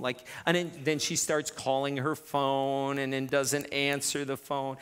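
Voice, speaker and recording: A middle-aged man preaching a sermon, telling a lively story with many repeated starts. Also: medium pitch, a little slow, hardly any pauses, clean tone. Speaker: pastor. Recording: long reverb in a church hall.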